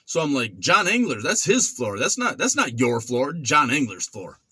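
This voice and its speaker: This husky male voice is medium-pitched and moderately paced, with no room sound. He's a vlogger in his forties, casually recounting something from his past and animatedly performing the voices and sound effects.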